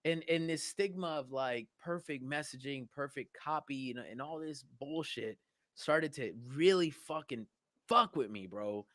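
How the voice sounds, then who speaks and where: A young man from Honduras co-hosting a podcast, talking in a casual, animated way with lots of swearing and restarts. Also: fairly high pitch, a little slow, no echo, clean studio sound. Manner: animated, swearing, repeats himself. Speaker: podcast co-host. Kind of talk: casual chat.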